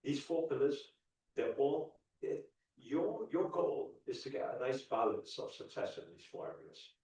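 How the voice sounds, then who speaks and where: A man's voice: medium pitch, measured pace. Echoey male coach talking to a crowd. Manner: animated, repetitive, chuckles often. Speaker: spiritual coach. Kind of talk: motivational talk to a live audience. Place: large event ballroom. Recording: echoey dull hall sound from far off.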